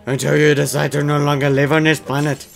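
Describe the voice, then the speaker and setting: A man's voice: fairly high pitch, little pitch movement, quick pace, creaky, faint music behind. A man putting on a gloating monster Knack. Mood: gloating, menacing. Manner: loud, theatrical, gloating threats. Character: boastful menacing male creature, game hero.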